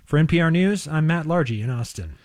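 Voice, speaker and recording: A man reporting for radio news in an even, factual scripted read. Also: on the high side, a little fast, dry recording.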